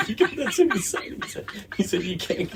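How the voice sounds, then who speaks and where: A man's voice: very high voice, huge pitch swings, moderate pace, creaky, distant mic, heavy background noise. A man co-hosting a podcast, telling a story in casual chat, swearing, laughing and acting out the people he quotes. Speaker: podcast co-host.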